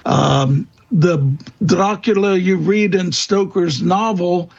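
Gravelly slow-talking man, muffled audio. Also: sits high. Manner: halting, with many fillers and restarts. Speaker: guest expert on vampire lore. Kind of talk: interview answers.

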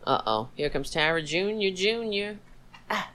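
A woman hosts a casual political livestream in a sarcastic, profane tone. Her voice sits low and moves slowly, with big swings in pitch, and she breaks off to talk to her dog. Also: big pitch swings, vocal fry, low-quality recording. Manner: sarcastic, swearing, chatting to her dog between topics. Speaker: livestream host.

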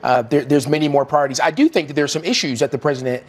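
A man's voice: a little high, very fast. A man on a political panel, hedging and defensive when answering. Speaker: panel guest.

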